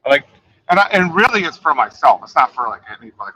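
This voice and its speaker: A man's voice: medium pitch, very animated, fast, bright, forceful tone, highs cut off, slight background noise. A man in a casual podcast chat, talking in a mumbling, profane way that often trails off.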